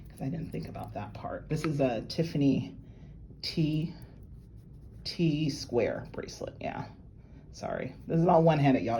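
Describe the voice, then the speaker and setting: A woman, gushing and excitable as she unboxes jewelry and chats with viewers she calls y'all. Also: rumbling low, moderate pace, slight background noise, rough recording. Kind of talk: casual unboxing chat to viewers. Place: at work.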